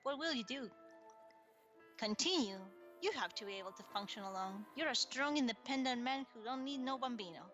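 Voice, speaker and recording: Bright playful young woman reading aloud. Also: a little high, brisk, faint music behind. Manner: playful, swears, laughs often. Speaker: co-host reading an interactive story.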